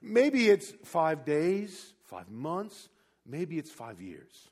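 A man preaching a sermon, telling a personal story with big swings between loud, emphatic peaks and quiet asides. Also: a little high, huge pitch swings, very slow. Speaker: pastor.

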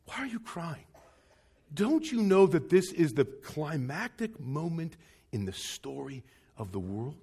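A man voicing a gentle risen man who speaks in a hushed, tender tone. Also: a little high, very animated, a little slow, breathy edge, pitched below the performer's own voice, heavily acted.

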